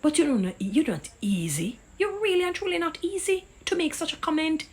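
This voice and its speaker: A woman's voice: high-pitched, lively intonation, fairly quick, darkish tone. A woman with a Jamaican accent delivering an impassioned, indignant opinion rant that preaches and cites scripture. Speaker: commentator.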